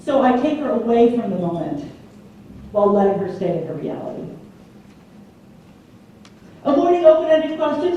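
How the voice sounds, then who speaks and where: Woman, lecturer, lively storytelling, heard from far off, echoey hall. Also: fairly high pitch, normal speed, long pauses, dull audio, a little hiss or hum. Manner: lively storytelling, acting out quoted voices. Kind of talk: public lecture. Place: large community hall.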